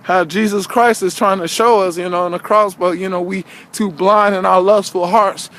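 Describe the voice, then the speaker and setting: A man's voice: high voice, fairly even intonation, moderate pace, a bit bright. A man giving a casual, rambling preaching monologue to his viewers, full of rhetorical questions and "you know what I'm saying.".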